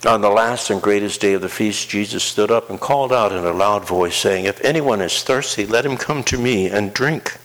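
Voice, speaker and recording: A male pastor preaching a sermon, swinging between soft, low asides and rising, emphatic declarations. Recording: long hall reverb.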